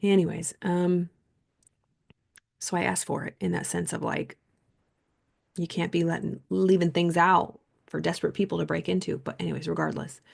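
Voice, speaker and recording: Gravelly low-voiced woman telling a story. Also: little pitch movement, moderate pace. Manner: rambling, chatty, heavy use of "like"; earnest, reflective. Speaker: podcast host and coach. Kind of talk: casual storytelling monologue.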